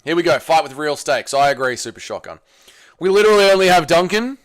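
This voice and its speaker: A young Australian man hosting a casual livestream watch-along, excitable and swearing freely as he reads chat aloud. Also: on the high side, fast talker, no echo, studio quality. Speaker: livestream host.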